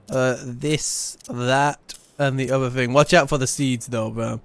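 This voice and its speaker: A man's voice: medium pitch, steady tone, unhurried, hardly any pauses, clean tone, soft background music. A man streaming a video game, chatting casually with loose, profane asides, laughing and muttering as he reads the game's lines aloud.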